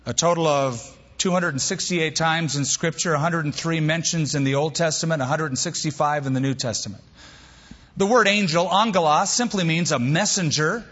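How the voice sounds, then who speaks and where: A man's voice: normal speed, a bit bright, breathy edge. Male pastor, emphatic sermon delivery, muffled lo-fi recording with long reverb. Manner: emphatic, varies pace and pitch for stress. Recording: long hall reverb, dull lo-fi sound.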